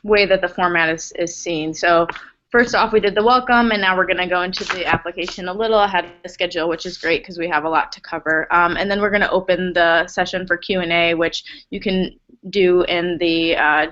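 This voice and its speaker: A woman leads a grant webinar in a chatty, apologetic way, full of fillers. Her voice is bright and a little tense, on the lower side for a woman. The video call audio sounds dull and lo-fi. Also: steady tone, a little fast, slight background noise. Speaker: program associate presenting a grant webinar. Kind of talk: webinar presentation.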